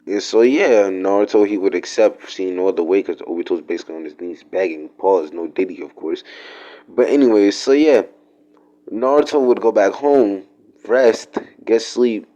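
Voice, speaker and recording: A man's voice: on the low side, normal speed, warm tone, lo-fi sound. A man telling a made-up story in a rambling, slangy, profane way. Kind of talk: casual fan-fiction storytelling.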